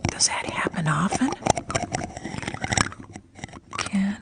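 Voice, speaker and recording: A woman's voice: medium pitch, animated, extremely slow, gravelly. Whispering older woman on a phone live stream. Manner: chatty, mostly whispering, sometimes slipping into normal voice. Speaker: ASMR livestream host.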